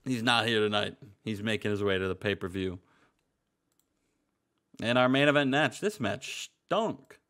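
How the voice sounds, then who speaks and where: A man's voice: fairly low pitch, animated, a little slow, long pauses, a bit bright. A young man co-hosting a video game show, narrating match results and joking with his partner. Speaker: game co-host. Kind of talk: let's-play commentary.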